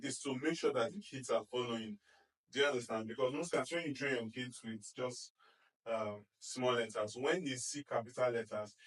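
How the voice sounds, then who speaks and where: Male phonics teacher, mid-pitched, encouraging and repetitive, recorded a little distant from the mic. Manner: sounds out letters slowly, praises often with "fantastic"; checks in with repeated "okay?" and "do you understand?". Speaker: reading teacher. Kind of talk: phonics lesson.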